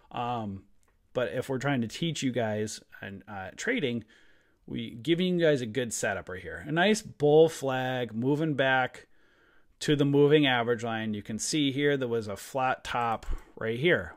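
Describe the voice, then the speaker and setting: A man hosting a live trading lesson over a screen share, blunt and fired up, talking casually with mild swearing at a desk mic. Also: mid-range voice. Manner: fired-up, ranting, emphatic. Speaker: trading room host.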